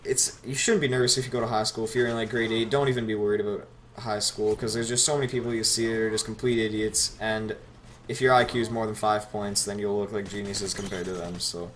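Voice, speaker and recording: A man's voice: on the low side, fairly even intonation, quick pace, fairly bright tone, slight background noise. A teenage boy casually telling stories over gameplay, rambling, sarcastic and swearing freely. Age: teens. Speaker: gameplay commentator.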